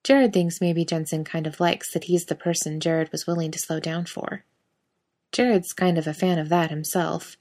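A woman narrating a story aloud in a steady audiobook reading. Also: lowish voice, normal speed.

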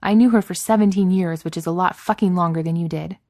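A woman's voice: low voice, steady tone, brisk, mellow, no echo, studio quality. Woman reading as a quippy, defensive genius heroine. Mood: angry. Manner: quippy and defensive, rising when upset. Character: sharp-tongued defensive genius woman, quick quips.

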